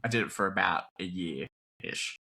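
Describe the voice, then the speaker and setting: A young Australian man and actor, chatting casually in an interview, easygoing and quick to laugh. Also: sits low, lively intonation, vocal fry, sharp tone. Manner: laughs often, easygoing, rambles. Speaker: actor, guest.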